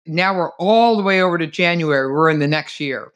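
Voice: mid-range voice, a little fast, a bit bright. An interview host who guides the conversation, recapping the story and asking follow-up questions. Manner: guiding, sums up and asks follow-up questions.

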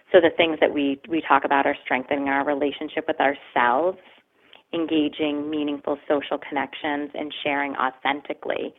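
A woman interviewer asking measured, explanatory questions. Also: low-pitched. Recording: tinny phone-like sound.

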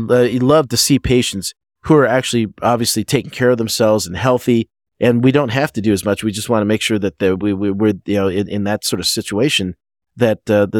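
Low-voiced halting doctor, a man. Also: no echo, clean studio sound. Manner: halting, frequent restarts and fillers. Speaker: guest physician, medical director. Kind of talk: interview answers.

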